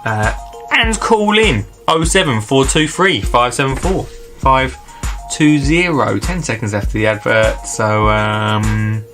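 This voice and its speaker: A man hosting a live gardening phone-in show, chatting casually and rambling excitedly with listeners. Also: mid-range voice, takes it slowly, faint music behind. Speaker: gardening podcast host.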